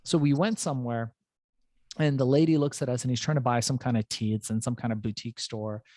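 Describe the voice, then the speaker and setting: A man's voice: medium pitch, fairly even intonation, brisk, mellow, no room sound. Male podcast host, rambling casual storyteller with the odd curse word, dry close mic.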